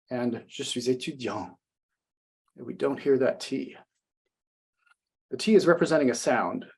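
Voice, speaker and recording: Brief: young man, French teacher, husky voice, patient and explanatory, sounds out phrases slowly. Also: medium pitch, darkish tone. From United States. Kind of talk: classroom language lesson.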